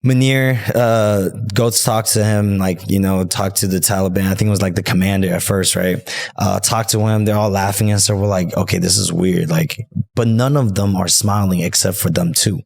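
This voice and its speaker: A man telling his hosts a story in a loose, rambling podcast chat, stringing thoughts together with "like" and "you know". His voice sits very low and has a gravelly, creaky edge. He swears casually as he goes. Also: steady tone, normal speed, a little mellow. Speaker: podcast guest.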